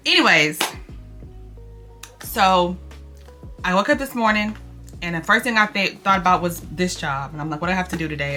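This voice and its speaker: A woman's voice: lowish voice, bright, forceful tone. A young woman talking to her viewers in a confessional vlog. She is close to tears, restarts and repeats herself, and calls her viewers y'all. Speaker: vlogger.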